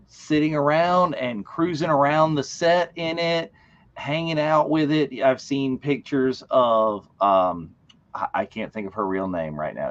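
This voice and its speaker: A man talks in a relaxed, easygoing way, pausing and trailing off mid-thought. His pitch is in the middle range for a man. The audio is dull and lo-fi, like a video call. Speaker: co-host. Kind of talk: casual chat.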